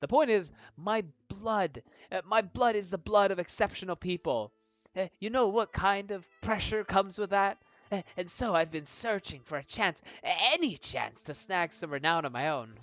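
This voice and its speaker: A man's voice: high voice, normal speed, pitched above the performer's own voice. A man voicing an eager young man who boasts about his heroic family and begs to join the party. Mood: eager boastful. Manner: excited, boastful, rambling. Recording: dull lo-fi audio with faint game music.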